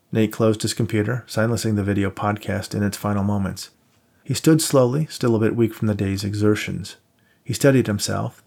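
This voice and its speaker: Man reading an audiobook, low gravelly voice, steady. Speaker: audiobook narrator. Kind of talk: scripted narration.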